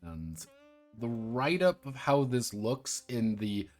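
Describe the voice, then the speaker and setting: A man's voice: medium pitch, very animated, takes it slowly, darkish tone, faint music behind. A man casually reviewing tabletop roleplaying games on a stream, irreverent and sardonic, swearing freely and walking viewers through the rules. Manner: talks viewers through rule details. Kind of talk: casual livestream commentary.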